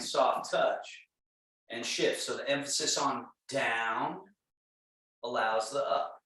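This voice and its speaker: A man leads a tai chi class and gives his cues slowly and calmly, often repeating the same short phrases. His voice carries a strong, roomy echo, and he sounds some distance from the microphone. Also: medium pitch. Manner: calm, slow, repetitive cueing. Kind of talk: guided exercise class instruction. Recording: very echoey room, mic far off.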